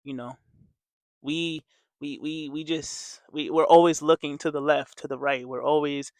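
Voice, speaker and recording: A man's voice: fairly high pitch, steady tone, unhurried, no room sound. A man giving a casual, earnest motivational faith talk as a coach, talking conversationally and repeating his points. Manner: earnest, repetitive, conversational with many fillers.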